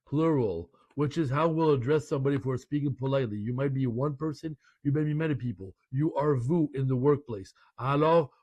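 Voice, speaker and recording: A man's voice: a little high, darkish tone, no room sound. A man from Canada teaching French online, chatty and playful, slipping French phrases into his English explanations. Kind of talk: online language lesson.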